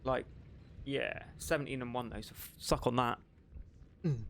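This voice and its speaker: A young man streams a shooter game, chatting casually in a medium-pitched, gravelly voice at a fairly quick pace. He rambles and swears, using lots of filler words, while loud game gunfire and other game sounds play behind him, with slight background noise.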